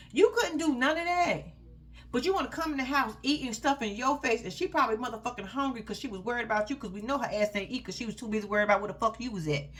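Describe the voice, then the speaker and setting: A woman's voice: fairly high pitch, a bit bright. Blunt, profane woman recapping reality TV. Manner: blunt, profane, heated and opinionated; addresses viewers directly as "y'all". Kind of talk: casual reality show recap commentary.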